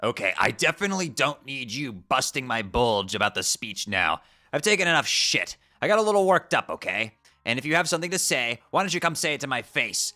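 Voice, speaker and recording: A man voicing an angry young male troll who rants loudly and sounds exasperated. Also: mid-range voice, sing-song, brisk, soft background music, voice pushed up. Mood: ranting. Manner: ranting, loud and exasperated.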